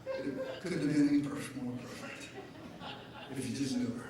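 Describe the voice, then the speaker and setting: A man preaching an animated sermon as pastor, joking and shouting to his congregation. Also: mid-range voice, brisk, a crowd in the background. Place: church sanctuary. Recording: echoey church hall heard from far off.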